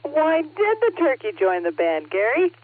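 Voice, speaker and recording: A woman working as net control on an amateur radio net, talking in a playful, teasing way with a husky voice. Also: high-pitched, wildly swooping pitch, a little slow. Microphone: radio transceiver microphone. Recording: narrow radio transmission audio.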